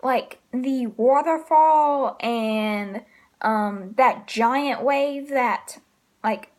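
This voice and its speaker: Woman, high and unhurried delivery, chatty manga reviewer, filler-heavy and giggly. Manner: rambling, full of ums and likes, laughs often. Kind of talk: casual spoken review.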